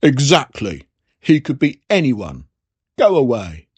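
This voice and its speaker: A storyteller voicing a bossy male elf gate guard in a storybook, with a loud, curt, stubborn delivery. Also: mid-range voice, big pitch swings, slow, husky, voice pushed up, full character voice. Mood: officious.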